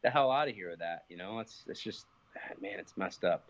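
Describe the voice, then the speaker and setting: A young man with a fairly low voice tells a heated story, cursing freely and tripping over his fillers. The audio is dull and lo-fi, like a call line. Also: animated, a little fast. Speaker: interview guest, professional fighter. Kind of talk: casual phone interview.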